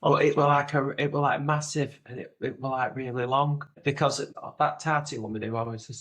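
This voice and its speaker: A man's voice: medium pitch, fairly even intonation, fairly quick, hardly any pauses, fairly bright tone. A man, co-hosting a podcast in casual comedic chat, rambling through stories, swearing freely and slipping into silly voices. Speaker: podcast co-host.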